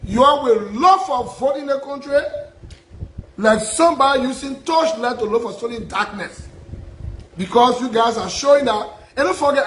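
A man's voice: extremely high pitch, a bit bright, reverberant, slight background noise, poor audio. A Liberian man, a self-styled prophet, making an impassioned public address full of repeated rhetorical questions. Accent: Liberian English. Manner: repetitive, aggrieved, rhetorical questions.

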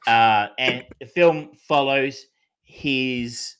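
A man's voice: medium pitch, drawn-out words, fairly bright tone, clear, resonant tone. A man co-hosting a film podcast, chatting casually with many fillers, restarts and the odd swear word. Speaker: podcast co-host. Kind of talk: casual film review chat.

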